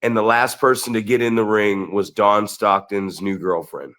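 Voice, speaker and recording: Excitable man telling a story. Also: lowish voice, normal speed. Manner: animated, excitable storyteller with many restarts. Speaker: podcast co-host and wrestling promoter. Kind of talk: casual storytelling chat.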